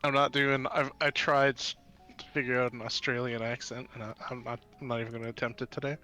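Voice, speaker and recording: A man with a bright, mid-pitched voice chatting casually as a stream guest. His humor is dry, and he teases his host. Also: flat delivery, brisk, soft background music. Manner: dry, teasing. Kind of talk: casual chat.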